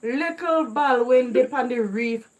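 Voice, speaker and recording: A woman's voice: high voice, unhurried. A young woman with a Caribbean island creole accent, telling stories from her childhood in a casual, laughing way. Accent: Caribbean island creole English. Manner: laughs often while telling stories, lively and animated. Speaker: vlogger. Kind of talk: casual storytelling.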